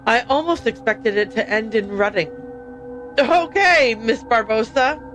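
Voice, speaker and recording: Bright-voiced woman streamer. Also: on the high side, expressive, unhurried, soft background music. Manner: chatty, laughs often, reacts aloud, reads on-screen text. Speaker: game streamer. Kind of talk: casual let's-play commentary.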